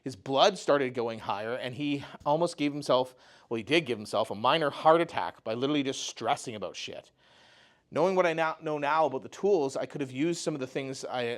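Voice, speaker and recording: A man speaking at a mental health talk and telling a personal story in a conversational way, often saying "you know" and "right?". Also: medium pitch.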